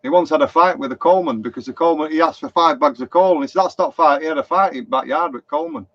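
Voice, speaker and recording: A chatty motorhome vlogger from Lancashire, England, rambles through a live stream in a fairly high, fairly bright voice at a quick pace. He's anecdotal and reads out viewer comments, and the dry recording has a dull, lo-fi quality.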